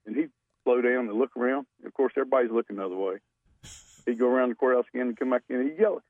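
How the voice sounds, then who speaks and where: A man's voice: medium pitch, animated, no echo. A man, calling in to a radio show and telling long, folksy, rambling stories. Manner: folksy, drawn-out, rambling anecdotes. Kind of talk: storytelling on a call-in show. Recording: tinny phone line, dry.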